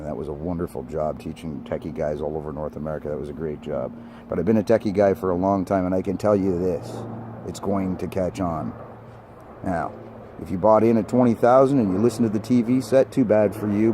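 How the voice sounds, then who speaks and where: A man's voice: sits low, noisy background. An older man and network engineer delivering a blunt, emphatic rant outdoors by a street, swearing casually as he goes. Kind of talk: ranting vlog monologue.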